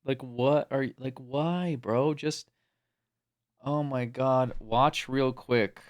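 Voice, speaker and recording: A livestreamer chats casually with his stream chat from home, swearing freely and laughing a lot, and his voice drops to a soft, hushed coo when he calls his cat. His voice is medium-pitched and he takes it slowly.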